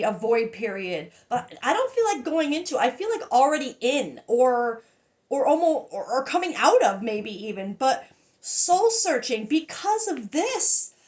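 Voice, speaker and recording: Woman tarot reader with a high voice, talking casually to camera; excitable, gushing, breaks into laughs and half-finished phrases. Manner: excitable and emotional, laughing, trailing off into fragments.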